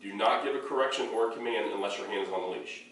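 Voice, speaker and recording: A man's voice: fairly low pitch, quick pace, a bit bright. A man giving a hands-on dog training lesson indoors, explaining in loose spoken bursts with demonstrations mixed in. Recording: echoey room, picked up from a distance, faint background noise.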